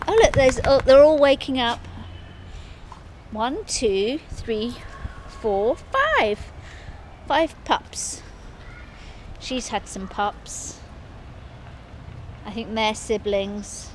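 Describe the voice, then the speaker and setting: A woman's voice: a little high, lively intonation, takes it slowly, long pauses. Chatty woman vlogging on a noisy street. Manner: chatty, rambling, soft and subdued at times. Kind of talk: casual walking vlog. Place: outdoors on a street.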